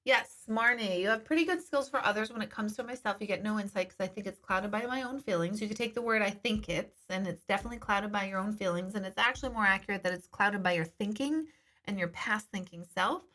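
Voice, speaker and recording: A woman's voice: mid-range voice, fast talker, pushed and bright. A middle-aged woman hosting a casual live stream, chatting candidly and reading viewer comments, with the occasional swear word.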